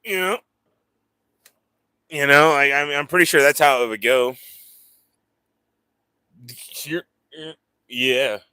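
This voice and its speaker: A man's voice: fairly high pitch, takes it slowly, pauses often, pushed and bright, clean tone, no room sound. A man hosting a casual livestream, rambling to his viewers and cooing at his pets. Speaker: livestream host.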